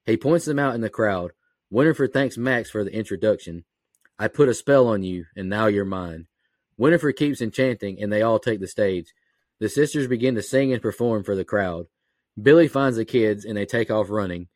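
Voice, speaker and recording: Low-voiced man reading a plot recap. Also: no room sound, clean studio sound. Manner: steady, matter-of-fact summarizing. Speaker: podcast co-host.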